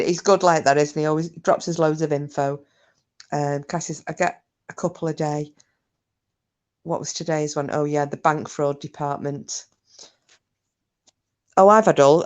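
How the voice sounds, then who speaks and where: A woman's voice: low-pitched, fairly even intonation, moderate pace, a little mellow. A British woman from the UK, chatting casually with viewers on her livestream, swearing and mocking scammers. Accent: British English. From United Kingdom. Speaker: livestream host. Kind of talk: casual live chat with viewers.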